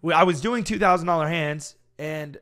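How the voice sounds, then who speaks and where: A man talking casually and excitably to his viewers while playing online blackjack, slangy and restless. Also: fairly high pitch, normal speed. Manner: excitable, slangy, swings between hype and frustration. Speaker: gambling streamer. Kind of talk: casual hyped commentary to camera.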